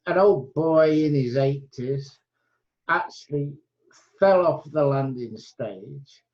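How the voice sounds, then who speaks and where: Slow-talking man on a muffled call. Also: on the high side, darkish tone. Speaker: lecture participant. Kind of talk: casual chat on a video call.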